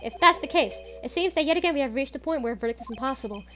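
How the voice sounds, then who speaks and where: A woman's voice: high voice, animated, very fast, fairly bright tone, slight background noise. A woman voicing a cautious, fussy elderly male judge in a courtroom game, speaking in a hesitant, formal way. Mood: stern.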